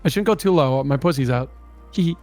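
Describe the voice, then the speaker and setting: Playful giggly man, higher voice. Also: fairly quick, darkish tone, soft background music. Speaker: co-host of a stream reading a document. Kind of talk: casual joking stream chat.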